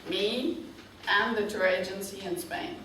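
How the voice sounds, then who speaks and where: Speaking slowly and clearly to students, a tour operator director lectures as a guest in a university classroom, often pausing to ask "okay?". Her mid-range voice is steady, bright, and forceful. The recording has classroom echo, a distant mic, and a faint noise floor.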